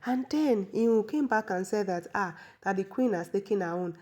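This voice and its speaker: Recapping a film in casual commentary, this opinionated, talkative woman also explains local terms. She speaks at a moderate pace in a medium-pitched voice with a darkish tone.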